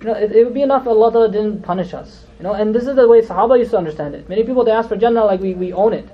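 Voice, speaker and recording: Male Islamic teacher, quick and chatty storyteller, higher voice, muffled lo-fi recording. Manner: lively, conversational storyteller who slips in Arabic terms. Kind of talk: storytelling religious lecture.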